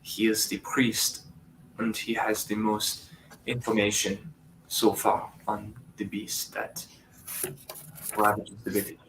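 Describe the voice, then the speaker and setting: A man's voice: lowish voice, little pitch movement, slow pace, pauses often, fairly bright tone, a little hiss or hum. A man voicing a stately, balding village lord who speaks formally and a little hesitantly. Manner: formal, slightly hesitant speech. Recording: roomy, distant mic.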